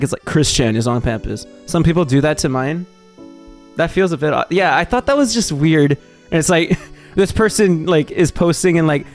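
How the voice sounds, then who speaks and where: A young man from Texas streaming live, chatting loosely and reading viewer messages, rambling with lots of fillers and restarts. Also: fairly high pitch.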